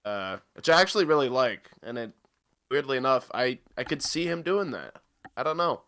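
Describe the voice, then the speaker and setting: A young man co-hosting a movie podcast, chatting in a jokey, animated way. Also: medium pitch, moderate pace, no room sound. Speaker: podcast co-host. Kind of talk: casual movie chat.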